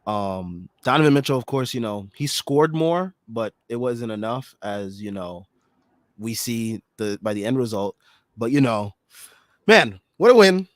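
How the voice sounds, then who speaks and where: A chatty man talks through a postgame basketball show with lots of fillers and bursts of excitement. His voice is a little hoarse from screaming, and he sounds close and dry, with no room around him. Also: lowish voice, a little slow, dry recording. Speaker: podcast host. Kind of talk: casual postgame basketball talk.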